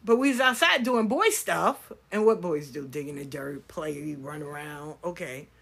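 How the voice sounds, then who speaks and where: A woman's voice: sits low, animated, normal speed, creaky, fairly bright tone, husky. An older woman, a grandmother, telling a family story to her viewers in a blunt, casual, sometimes profane way. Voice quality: blunt and profane, talks straight to the listener.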